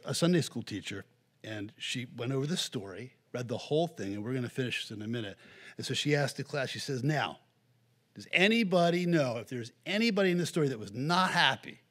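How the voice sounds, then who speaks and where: A man preaching a sermon as pastor, animated, dropping to hushed asides and rising to loud outbursts as he acts out the story. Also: medium pitch, brisk. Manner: animated preaching, voicing the angry older brother in bursts; swings between hushed asides and loud exclamations.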